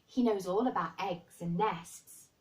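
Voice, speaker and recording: A woman's voice: mid-range voice, a little slow, darkish tone, recorded from a distance, lightly acted, rough recording. A woman reading aloud, voicing a bold, obstinate young girl. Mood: eager. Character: blunt, stubborn young girl.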